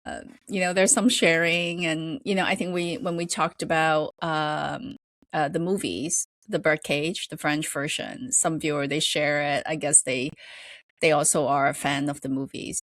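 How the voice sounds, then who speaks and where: Woman podcast host, low voice, dry close sound, halting casual chat, lots of fillers. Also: fairly even intonation, a bit bright, no room sound. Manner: hesitant, halting with fillers and restarts; laughs between phrases.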